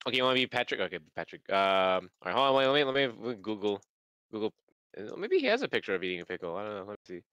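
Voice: medium pitch, big pitch swings, rapid-fire, a bit bright, smooth, dry recording. A streamer chatting casually while gaming, giggling often, rambling and swearing.

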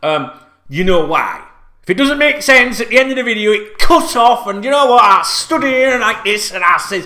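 Fan vlogger, man, high bright voice, rambling, sweary, prone to shouting, echoey home room. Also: expressive, moderate pace. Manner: swears a lot, rambling, repeats himself, bursts into shouts. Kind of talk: excited unscripted video rant. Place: at home, sitting.

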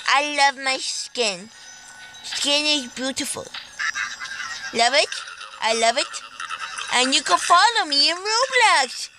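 A female gaming YouTuber talks in a high, babyish voice during casual gameplay commentary. She speaks unhurriedly and gets excitable. Loud game music plays behind her the whole time. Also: takes it slowly, long pauses, rough recording.

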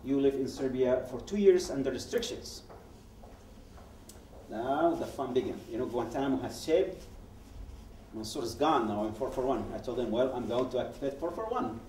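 A man's voice: mid-range voice, lively intonation, moderate pace, darkish tone, slight background noise. A man, a guest speaker giving personal testimony at a public event, telling it as a story. He acts out the dialogue he quotes and often restarts his sentences. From Yemen. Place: event hall. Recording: roomy hall, speaker far from mic.

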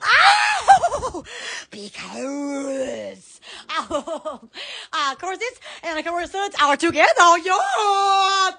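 An online shop owner with a Southern accent chats on a live phone stream about her products, exclaiming, giggling, and saying "oh, yes" again and again. Her voice is very high and sharp, with huge pitch swings, and she speaks extremely slowly.

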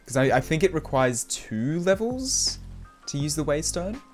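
A man's voice: fairly high pitch, a little slow. A young man with an Australian accent talks through a game as he plays it, his voice leaping up and dropping back as things go wrong and right. He reacts on the spot with casual slang. Faint music plays under him. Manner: excitable, reacting aloud with frequent laughs and slang. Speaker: game streamer. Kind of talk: live gameplay commentary.

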